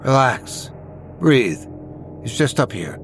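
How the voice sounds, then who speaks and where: A man voicing a calm, falsely reassuring man with a creepy cheer in a horror story reading. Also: medium pitch, slow, creaky, slight background noise, exaggerated voice. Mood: eerie.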